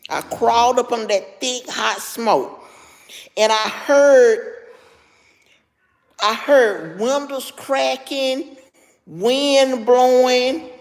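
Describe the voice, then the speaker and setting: Speaking extremely slowly with long pauses, a middle-aged livestream host relates a story to her chat, her breathing heavy and labored. Her voice is a little high, she occasionally addresses viewers by name, and the audio has a big-room sound.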